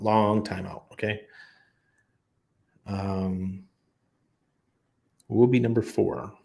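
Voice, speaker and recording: A man's voice: fairly low pitch, creaky. A man hosting a casual livestream, reading out viewer comments and answering them off the cuff in a chatty way. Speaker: crypto livestream host. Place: home in Panama.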